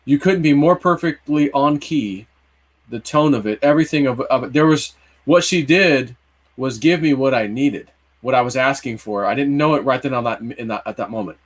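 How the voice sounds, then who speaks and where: A man's voice: medium pitch, moderate pace. A man in his early forties casually telling a long personal story on a livestream, rambling, with many fillers and restarts. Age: 40s. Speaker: livestream co-host.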